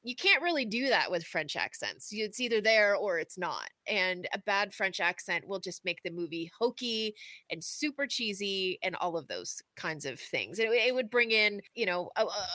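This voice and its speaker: A woman co-hosting a pop culture podcast, giving animated opinions and laughing easily. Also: medium pitch, no room sound. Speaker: podcast co-host. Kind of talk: casual pop culture chat.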